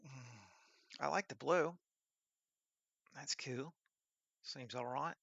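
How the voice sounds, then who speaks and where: A man's voice: mid-range voice, very slow, creaky, fairly bright tone, breathy edge, no room sound, muffled recording. A man working on a 3D scene who thinks aloud, muttering half-finished commands to himself.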